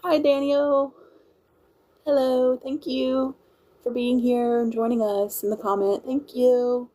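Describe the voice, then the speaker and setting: Speaking slowly in a high, mellow, level voice, a Louisiana woman with a country and Cajun accent chats casually on her livestream. She rambles and thanks viewers, though the audio is poor.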